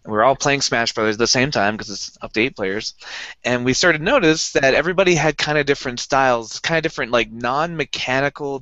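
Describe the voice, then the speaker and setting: Bright-voiced wisecracking man. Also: medium pitch, no room sound, lo-fi sound. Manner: wisecracking interjections. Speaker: podcast co-host. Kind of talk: casual podcast chat.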